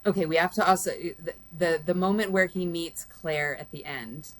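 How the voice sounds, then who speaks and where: Chatty woman with a low voice. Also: moderate pace. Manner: rambling, many restarts and fillers, warm laughs. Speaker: guest, host's mother. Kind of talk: casual film review chat.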